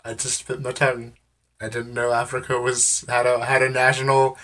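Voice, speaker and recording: A man's voice: medium pitch, level tone, moderate pace, bright, forceful tone. An American man rambling through a casual story to camera, with a wry, amused manner. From United States. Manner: rambling, full of "I'm like" and fillers.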